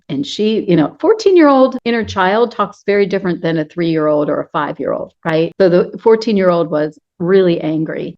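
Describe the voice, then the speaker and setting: A woman coach giving an earnest, gentle teaching talk to camera, sometimes acting out her own inner dialogue. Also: fairly low pitch, muffled recording.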